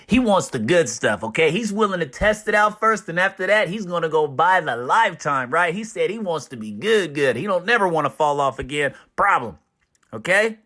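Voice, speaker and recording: A man's voice: on the high side, very animated, moderate pace, pushed and bright. Hyped male gaming commentator. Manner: emphatic, repeats "right?" and "problem".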